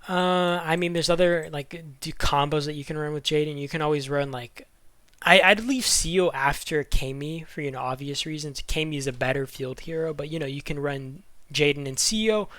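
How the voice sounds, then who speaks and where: A man's voice: a little high, moderate pace, a bit bright, no room sound. A man giving casual game strategy commentary, rambling with lots of fillers and restarts, out of breath. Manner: rambling, filler-heavy, self-correcting. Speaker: gaming YouTuber.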